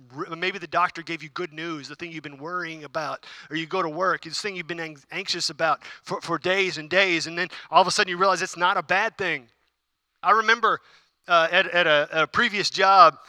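Bright-voiced man preaching a sermon. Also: high voice, no room sound, clean studio sound. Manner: repeats key phrases, asks the congregation questions. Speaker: pastor. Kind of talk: conversational sermon.

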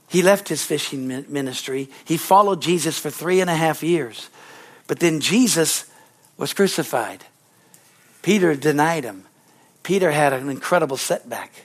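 A middle-aged man preaching with a fairly high voice. He swings between easy storytelling and loud, climbing bursts, throwing "Amen?" at the congregation and talking to the kids in the room. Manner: addresses children in the congregation. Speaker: pastor. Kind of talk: sermon.

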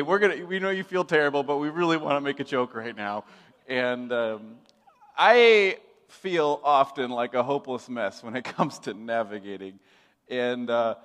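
A young man from Michigan preaching a sermon, telling a self-deprecating story in a lively storyteller's way. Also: fairly high pitch. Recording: reverberant hall.

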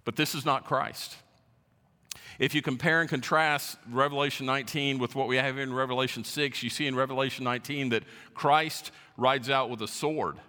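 A man's voice: medium pitch, fairly even intonation, normal speed, bright, forceful tone. Man preaching in an echoing hall. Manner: teaching verse by verse, stressing key words. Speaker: pastor. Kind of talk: sermon. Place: church sanctuary. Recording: reverberant hall.

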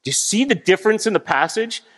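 A man preaching a sermon, animated, acting out voices as he explains a passage. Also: high voice, quick pace. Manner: animated, acts out voices of God and people. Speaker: guest preacher.

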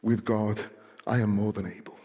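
Soft gentle firefly guy from a kids' story tape, a preacher putting him on, low and quiet, hall echo. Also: level tone, normal speed, lightly acted. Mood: tender. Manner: soft, low and tender, ending in a whisper. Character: gentle firefly who cannot fly, male.

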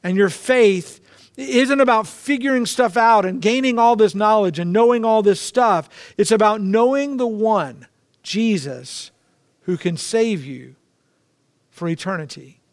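A man's voice: high-pitched, expressive, unhurried, no room sound, clean studio sound. A man preaching a sermon, emphatic and repeating key phrases for weight. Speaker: pastor.

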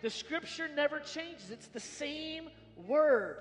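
A man preaching a sermon as pastor, swinging from hushed lines to shouted emphasis in a large church hall. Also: very high voice, expressive, takes it slowly. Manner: dramatic swings from soft to shouting. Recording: long hall reverb.

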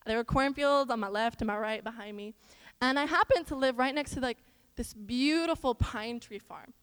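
A young woman from Iowa giving a chatty church lesson in an animated way, with stories and asides to the listeners. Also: a little high, normal speed, smooth. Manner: animated, talks straight to the audience with asides. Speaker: church speaker. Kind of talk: chatty sermon with storytelling. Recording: long hall reverb.

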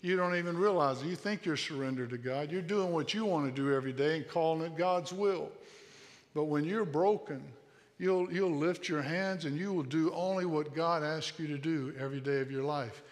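A man in his late fifties preaches with an earnest, insistent delivery, circling back to the same phrases again and again and sometimes restarting mid-word. His voice sits a little high for a man. It carries a long tail of reverb from a church sanctuary. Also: moderate pace. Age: 50s. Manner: earnest, repetitive exhortation with restarts. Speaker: pastor. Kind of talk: sermon.

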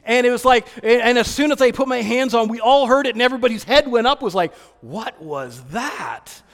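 Male pastor with a high voice, preaching a loose storytelling sermon in a church hall with a long echo. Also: fast talker. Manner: relaxed, storytelling, with fillers and restarts. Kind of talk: conversational sermon.

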